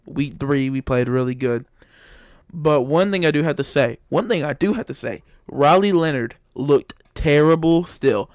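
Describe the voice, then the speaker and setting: Young guy ranting about his football team, kinda high smooth voice, dry close mic. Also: moderate pace, no room sound. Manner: heated, repetitive, opinionated fan. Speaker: sports commentator. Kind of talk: casual sports opinion monologue.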